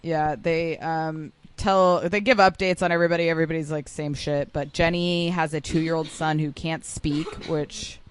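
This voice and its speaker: Blunt woman on a gossip podcast, lowish voice, sarcastic, swears a lot. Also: steady tone, measured pace, hardly any pauses, slight background noise. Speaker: podcast co-host. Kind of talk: casual gossip chat.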